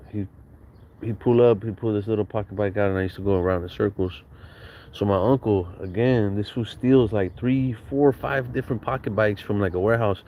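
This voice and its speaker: Man, lowish voice, casual storytelling, slangy, swears a lot, acts out quotes, faint background hiss. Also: a little mellow. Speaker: podcast host telling childhood stories.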